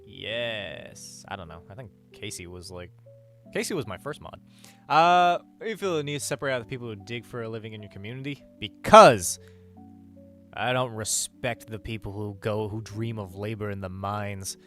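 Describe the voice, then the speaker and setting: A man's voice: fairly low pitch, lively intonation, moderate pace, a bit bright. A man streaming live, chatting casually with his viewers, rambling and joking with lots of swearing and "like". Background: faint music.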